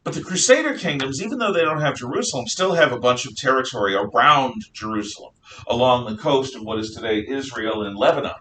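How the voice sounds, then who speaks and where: A man delivers a history lecture in a bright, forceful voice at a quick pace, chatty and jokey, drifting into asides. He sounds distant in an echoey classroom, with a faint rumble underneath.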